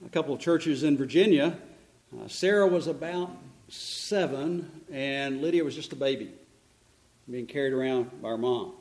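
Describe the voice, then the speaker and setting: Pastor guy mid sermon, kinda high voice, storytelling then firing off questions n answering em. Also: a little mellow.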